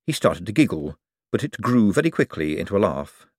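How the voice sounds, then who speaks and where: A man reading an audiobook as narrator with expressive, dramatic storytelling. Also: on the low side, a little fast, no room sound, clean studio sound. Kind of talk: scripted narration.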